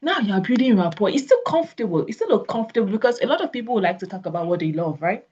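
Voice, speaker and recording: A network marketing coach with a Nigerian English accent gives a coaching talk on sales conversations, acting out both sides of example dialogues. Her medium-pitched voice is sing-song, dark, and slightly rough, moving quickly with hardly any pauses, on slightly dull lo-fi audio.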